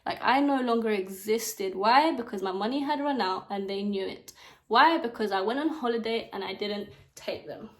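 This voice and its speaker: A young woman with a British accent telling a story time in a chatty, dramatic way, with quick asides. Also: medium pitch. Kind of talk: casual storytime chat while doing makeup. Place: bedroom at home. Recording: echoey room.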